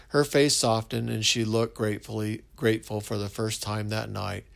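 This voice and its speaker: Male storyteller, slow and measured, low gravelly voice. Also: flat delivery. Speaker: narrator. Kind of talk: story narration.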